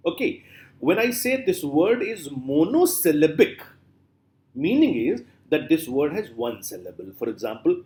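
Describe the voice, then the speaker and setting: Lively, echoey male lecturer. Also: fairly high pitch. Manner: repeats example words slowly, many fillers. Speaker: literature lecturer. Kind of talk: classroom lecture. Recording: echoey room.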